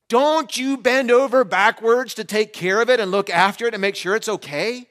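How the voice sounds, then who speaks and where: A man in his forties preaching a sermon as pastor, animated and shifting between loud emphasis and hushed asides, in a church. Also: high-pitched, moderate pace, few pauses. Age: 40s.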